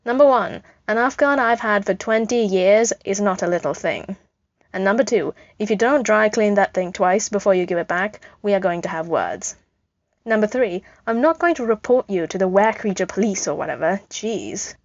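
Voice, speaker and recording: A woman's voice: medium pitch, moderate pace, dry recording, natural voice. Woman reading as a sarcastic, exasperated man. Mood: firm. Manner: sarcastic, deadpan. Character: exasperated adult man, wry and blunt. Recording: dull lo-fi recording.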